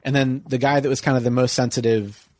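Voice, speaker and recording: A middle-aged man telling a long, rambling story in casual conversation, full of likes and you-knows, jumping into high mocking voices to quote people. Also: flat delivery, fast talker, a little mellow, no room sound.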